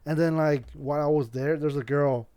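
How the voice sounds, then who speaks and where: Rambling, cursing young podcast host. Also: male voice, a little high, fairly even intonation, normal speed, mellow. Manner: rambling, swears a lot, restarts often. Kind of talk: casual storytelling chat.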